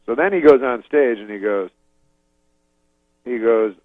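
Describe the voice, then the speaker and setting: A man from Canada telling a rambling story in a deadpan, casual way, laughing at his own jokes, over a video call. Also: mid-range voice, unhurried, no room sound. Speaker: comedian guest. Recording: dull lo-fi dry sound.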